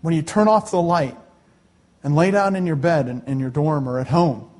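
A middle-aged man preaching a conversational sermon in a church sanctuary, folksy and animated, with joking asides to the congregation. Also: fairly high pitch, normal speed. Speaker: pastor.

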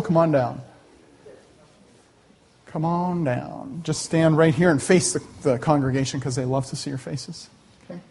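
A middle-aged man preaching a conversational sermon in a church sanctuary, folksy and animated, with joking asides to the congregation. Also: fairly high pitch, husky. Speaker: pastor.

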